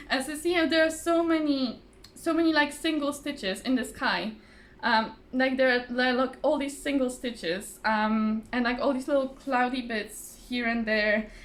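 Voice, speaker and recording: A woman chatting casually to camera about her craft projects, rambling with fillers and restarts and laughing often, her voice a little tired. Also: on the high side. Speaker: craft vlogger. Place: home, at a table. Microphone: phone or camera on the table.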